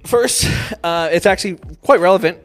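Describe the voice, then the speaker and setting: A man's voice: high-pitched, normal speed, faint music behind. A young man co-hosting a casual podcast, goofy and joking, with hiccups. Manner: goofy, joking, laughs at own bits. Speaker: podcast co-host. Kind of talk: casual chat.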